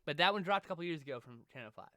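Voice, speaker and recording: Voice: medium pitch, animated, rapid-fire, bright, forceful tone. A rambling, profane co-host in casual chat on a live stream. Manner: rambling, profane, restarts often. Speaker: podcast co-host.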